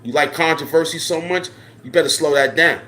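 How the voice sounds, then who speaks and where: A man hosting his own channel, delivering a profane, confrontational rant straight to the camera. He repeats his dares over and over, dropping to a low mutter and then climbing to loud challenges. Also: fairly quick. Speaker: channel host.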